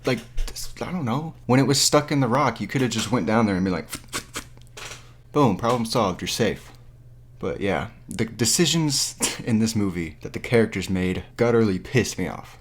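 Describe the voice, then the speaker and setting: A man's voice: lowish voice, a little fast, hardly any pauses, slight background noise. A young man ranting in a casual, foul-mouthed, exasperated way about a movie into his camera. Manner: profane, exasperated, animated. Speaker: vlogger. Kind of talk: casual movie review rant. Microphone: camera mic.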